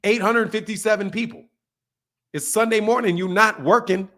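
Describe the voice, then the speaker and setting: A man hosting a boxing livestream, ranting at viewers in a profane, confrontational and animated way. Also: high-pitched, normal speed. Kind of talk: heated livestream rant.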